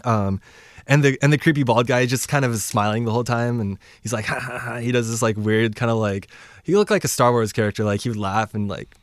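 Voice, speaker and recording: A man's voice: mid-range voice, brisk, dry recording, studio quality. A man telling a story in casual chat, rambling and full of "like" fillers as he acts out what people said. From United States. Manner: rambling, heavy use of "like" fillers, acts out quoted dialogue. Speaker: guest telling a travel story.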